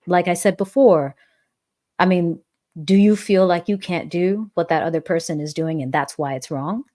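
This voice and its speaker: Low-voiced woman hosting a live chat. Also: a little mellow. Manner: earnest, reflective, repeats phrases for emphasis. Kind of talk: live-stream Q&A, reading chat comments.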